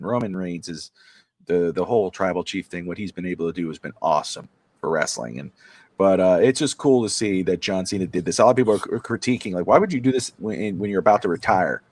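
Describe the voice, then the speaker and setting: A man co-hosting a casual sports talk stream, recounting events with excitement and plenty of fillers. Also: deep voice, quick pace. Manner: excited storyteller, many fillers. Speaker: sports talk show co-host.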